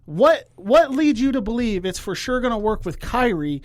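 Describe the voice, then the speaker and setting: A man's voice: very high voice, sing-song, moderate pace, no echo, clean studio sound. A man co-hosting a sports podcast, blunt and profane, often restarting his sentences in casual debate. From Ohio. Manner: blunt, swears a lot, hesitant restarts. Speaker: podcast co-host.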